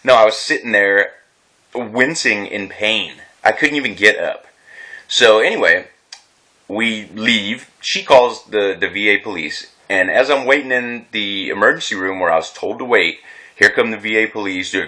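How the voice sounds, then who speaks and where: A distressed veteran recounts his ordeal in a rambling, agitated way, swearing and restarting his sentences. His voice sits fairly low but has a bright, forceful edge. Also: normal speed. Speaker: veteran telling his story. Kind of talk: unscripted personal vlog.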